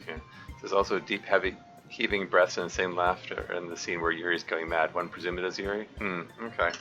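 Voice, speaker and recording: A man with a low but sharply bright voice talks through a live game stream. He rambles and stumbles over his own restarts while he answers chat. Faint music runs underneath him. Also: little pitch movement. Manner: rambling, halting, full of restarts.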